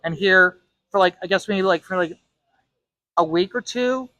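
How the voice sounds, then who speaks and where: A comic artist spins a story while he draws, stumbling over restarts and repeating himself as he goes. His voice sits high for a man. It is recorded dry and close, with no room echo. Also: normal speed, bright, forceful tone, highs cut off. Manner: rambling, with frequent restarts and repeated words. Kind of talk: casual storytelling while drawing.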